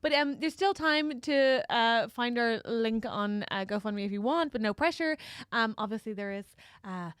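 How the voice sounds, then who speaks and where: A woman with a high voice co-hosts a casual comedy podcast, rambling through stories with animated energy. Her voice sits close and dry on a studio mic, with no room around it. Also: moderate pace, clean tone, no echo. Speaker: podcast co-host.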